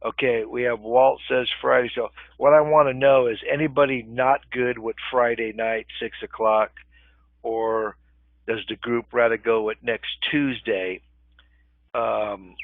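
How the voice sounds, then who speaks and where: Gravelly older man on a tinny line. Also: mid-range voice, no room sound. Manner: conversational, often checks in with "okay?". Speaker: real estate webinar instructor. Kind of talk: live webinar teaching. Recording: tinny phone-line webinar audio, dry.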